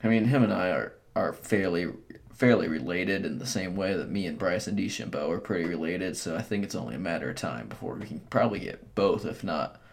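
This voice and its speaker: Low, gravelly man chatting about football. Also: expressive, fairly quick. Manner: hesitant restarts, rambling offhand opinions. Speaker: sports podcast co-host. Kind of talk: casual sports chat.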